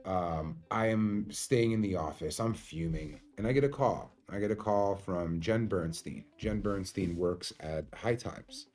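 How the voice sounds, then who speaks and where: A man's voice: low-pitched, measured pace, few pauses, a little mellow, faint music behind. A man, a company founder telling a candid, emotional story about his company's early days. He swears freely. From New York. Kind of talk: storytelling monologue.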